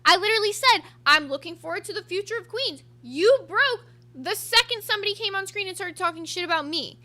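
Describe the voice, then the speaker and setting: A woman's voice: extremely high pitch, lively intonation, brisk, bright, forceful tone. A woman co-hosting a show, talking bluntly and profanely in a heated argument. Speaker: podcast co-host. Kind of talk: heated commentary chat.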